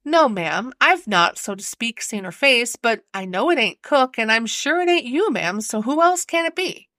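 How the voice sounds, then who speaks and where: A woman's voice: a little high, expressive, moderate pace, sharp tone, no echo, clean studio sound. A woman voicing an anxious young parlor maid in a storybook reading, respectful and apologetic.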